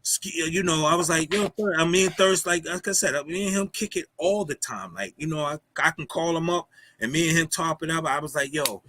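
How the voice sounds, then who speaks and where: A man's voice: on the high side, a little fast, pushed and bright, no echo. A man talking casually on a livestream, telling stories in loose street slang, saying "yo" a lot. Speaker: guest. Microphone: streaming call mic.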